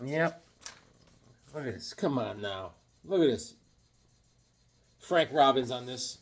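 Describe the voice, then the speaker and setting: A man's voice: medium pitch, takes it slowly. A middle-aged man chatting casually and enthusiastically as he shows off his comic book pickups, cracking jokes along the way. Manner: enthusiastic, excitable, joking. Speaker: comic collector vlogger. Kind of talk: casual chat showing comics.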